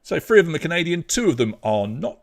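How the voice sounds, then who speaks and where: A man's voice: on the high side, sing-song, quick pace, gravelly. A young British man hosting an online pub quiz, chatty and loose, reading out scores and names and trailing off when a name escapes him. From Britain. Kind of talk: live-streamed quiz hosting.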